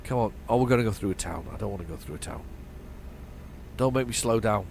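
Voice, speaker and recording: A middle-aged man from northern England with a flat northern accent, chatting casually while playing a driving game, rambling and restarting his sentences. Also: lowish voice, quick pace, a little hiss or hum. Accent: flat northern English. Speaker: gaming channel host. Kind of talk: casual let's-play commentary.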